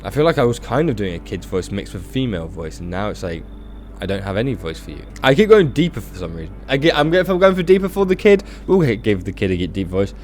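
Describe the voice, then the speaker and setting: Male gaming YouTuber, lively and joking, let's-play commentary with faint music under it. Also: lowish voice, fast. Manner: animated, joking, casual reactions.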